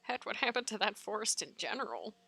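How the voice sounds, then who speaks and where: A woman streamer reading a fan-made visual novel aloud in an expressive, giggly manner, faint game music behind. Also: medium pitch, a little fast, vocal fry. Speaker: let's play streamer.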